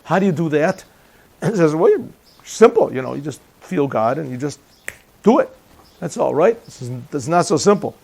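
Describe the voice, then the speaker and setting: Gravelly rabbi giving a class. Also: male voice, on the high side, lively intonation, moderate pace, a little mellow. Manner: conversational, asks listeners questions, tells jokes. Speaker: rabbi teaching a yeshiva class. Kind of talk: Chassidic lecture with jokes. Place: yeshiva classroom.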